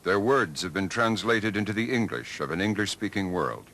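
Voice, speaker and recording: Deep-voiced male documentary narrator. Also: lively intonation, a bit bright, poor audio. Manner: measured, deliberate delivery.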